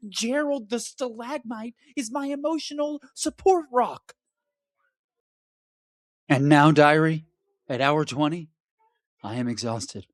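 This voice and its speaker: A woman as a high-voiced, sarcastic male game hero, dry sound, comedic diary monologue. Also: fairly bright tone, no echo. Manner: sarcastic, melodramatic complaining. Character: long-suffering male game hero stuck in a cave.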